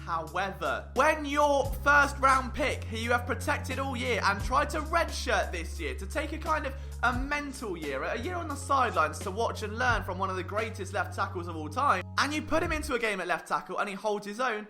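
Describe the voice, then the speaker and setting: A man with a very high, sharp, ringing voice hosts a sports breakdown on camera, his pitch leaping all over as he rants. He sounds sarcastic and exasperated, and faint music plays low behind him. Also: very animated. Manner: sarcastic, exasperated, fast restarts when worked up. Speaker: sports vlog host. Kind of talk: animated rant-style sports analysis. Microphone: on-camera mic.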